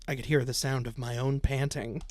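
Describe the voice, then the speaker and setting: A man's voice: mid-range voice, steady tone, fairly quick, darkish tone, no echo. A man streaming a visual novel, reading its text aloud and breaking off into sarcastic, profane commentary with frequent laughs. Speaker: let's play streamer.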